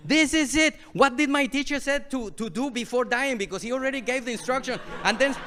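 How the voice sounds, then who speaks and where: Monk guy from mexico telling a story in a dharma talk, highish voice, makes lots of sound effects. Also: fairly quick, bright, forceful tone, soft background music. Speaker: Buddhist monk teacher.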